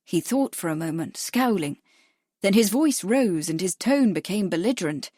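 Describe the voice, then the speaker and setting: A woman's voice: lowish voice, lively intonation, unhurried, warm tone, no room sound, studio quality. Woman reading a mystery novel aloud. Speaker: audiobook narrator. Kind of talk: scripted narration.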